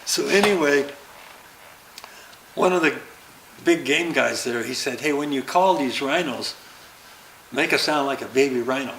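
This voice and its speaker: A man's voice: medium pitch, a little slow, long pauses. An older man, an interview guest, telling anecdotes in casual chat and acting out the dialogue he quotes. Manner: lively storyteller who acts out quoted dialogue. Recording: roomy echo with faint background noise.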